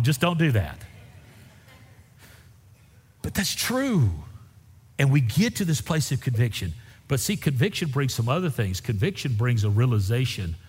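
Animated pastor preaching in a hall. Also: male voice, mid-range voice, slightly rough. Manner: animated, folksy, rises sharply when emphatic. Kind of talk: sermon. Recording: reverberant hall.

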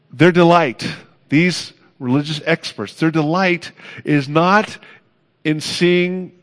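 A man preaching a sermon as pastor, earnest, building to emphatic peaks and then dropping soft. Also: a little high.

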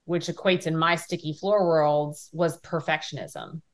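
A woman's voice: low-pitched, steady tone, unhurried. A woman hosting a podcast interview in a conversational way, relating her guest's points to her own work. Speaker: podcast host.

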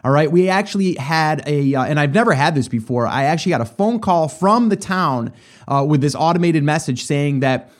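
A middle-aged man hosts a show, spinning a personal story in a relaxed, conversational way before turning it into business advice. His voice sits a touch high for a man, and he talks straight to his listeners with plenty of fillers and asides. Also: fairly quick. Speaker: podcast host. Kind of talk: casual storytelling and business motivation talk.

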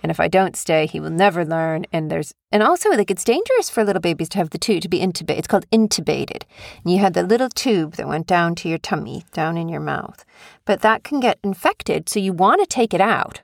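A woman's voice: fairly low pitch, very animated, brisk, vocal fry, no echo, clean studio sound. A mother casually telling her young son a family story, chatty and rambling, acting out quotes with animation. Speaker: mother and vlogger.

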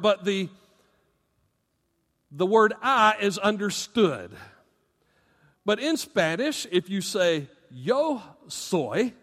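Male pastor, high voice, emphatic animated preaching, long hall echo. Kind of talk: sermon.

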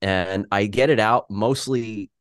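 A man's voice: lowish voice, slow, no echo, studio quality. A man talking candidly on a podcast, self-deprecating and casual, with frequent restarts.

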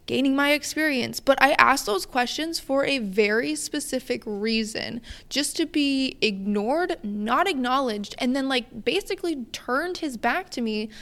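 A young woman in her twenties, a guest on a casual podcast, tells a frustrating story in a lively rant packed with "like" and "you know". Her voice sits high, and she speaks freely and informally. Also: measured pace, few pauses. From Wisconsin. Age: 20s. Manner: ranting, animated storytelling with many fillers.

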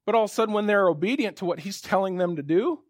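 A man's voice: high voice, animated, fast, no room sound, studio quality. A man preaching a casual, conversational sermon, reading scripture and then building to emphatic exhortation. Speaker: pastor.

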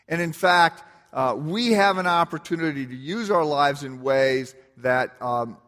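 A pastor preaching a sermon, with conversational storytelling and self-deprecating humor. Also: male voice, high voice, a bit bright. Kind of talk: sermon opening with a personal story. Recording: long reverb of a large hall.

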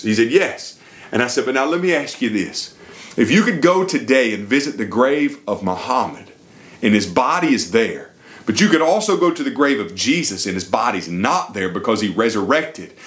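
Middle-aged guy preaching, story-style sermon, voice swings up a lot on key points. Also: medium pitch. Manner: lively storytelling with emphatic rises.

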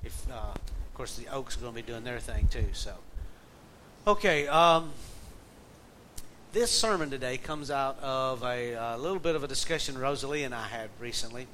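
A man's voice: mid-range voice, moderate pace, pushed and bright, poor audio. A middle-aged man with a Southern accent preaching a conversational sermon, telling a folksy family story and reading scripture aloud. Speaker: pastor. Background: faint air conditioner hum.

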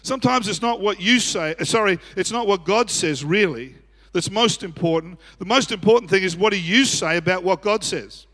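A man preaching a sermon as pastor, swinging from quiet asides to loud shouting and often chuckling. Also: high-pitched, moderate pace, few pauses. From Australia. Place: church auditorium. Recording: echoey church hall.

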